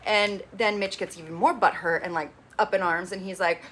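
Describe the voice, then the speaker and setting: A woman chatting casually through a reality TV recap, retelling the drama and quoting the cast in quick asides. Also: mid-range voice, fairly even intonation, fairly bright tone.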